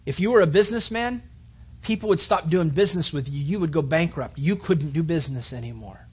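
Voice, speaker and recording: A man's voice: a little high, lively intonation, brisk, husky. A man preaching a conversational sermon, rambling casually and peppering his talk with "you know" and "man". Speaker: pastor. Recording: dull lo-fi recording.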